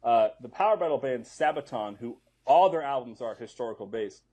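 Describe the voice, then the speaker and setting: A man's voice: mid-range voice, lively intonation, fairly quick, dark tone, husky, muffled recording. A young man co-hosting a podcast, chatting casually and dropping joking asides. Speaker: podcast co-host. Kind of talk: casual chat.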